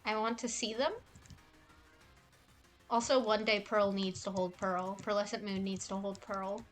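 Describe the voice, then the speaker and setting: A woman's voice: mid-range voice, flat delivery, measured pace, faint music behind. A young woman streaming casually, rambling and cooing affectionately at cats in a game. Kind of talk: casual livestream chat.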